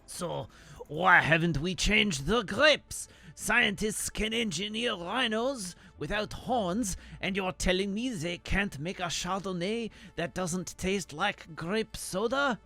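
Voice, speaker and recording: A man's voice: high voice, creaky, pushed and bright, faint music behind, exaggerated voice. A man putting on a huffy mock-French wine snob. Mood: indignant. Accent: mock French accent. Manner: theatrical, exaggerated, slow read-aloud.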